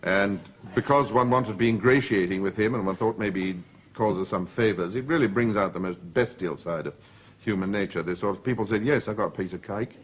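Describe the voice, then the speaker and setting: A man's voice: on the low side, fairly quick, a little hiss or hum. A middle-aged man, a talk show guest, telling comic anecdotes with the timing of a witty raconteur in a television studio. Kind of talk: anecdotal storytelling.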